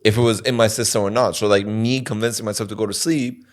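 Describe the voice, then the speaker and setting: A man's voice: fairly low pitch, fairly even intonation, fast talker. A man co-hosting a podcast in casual chat, often laughing and swearing freely. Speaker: podcast co-host.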